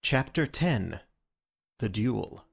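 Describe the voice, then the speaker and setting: A man reading a classic novel aloud as audiobook narrator, with measured storytelling. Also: fairly low pitch, sing-song, creaky, husky. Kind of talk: scripted narration.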